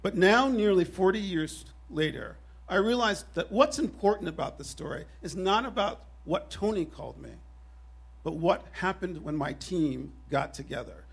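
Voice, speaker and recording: A man in his fifties telling a personal story on stage at a live show, animated and wry with self-deprecating humor. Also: sits high, moderate pace, gravelly, slightly rough.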